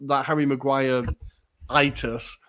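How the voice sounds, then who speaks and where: A man's voice: medium pitch, little pitch movement, takes it slowly, crowd noise. A man co-hosting a podcast, chatting casually and animatedly about football, swearing now and then. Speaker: podcast co-host.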